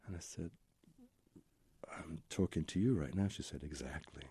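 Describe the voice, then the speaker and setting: A man's voice: a bass voice, normal speed, mellow, breathy edge. A man, a Zen Buddhist teacher, telling his own story as an interview guest in a candid, rambling way with tumbling lists of memories.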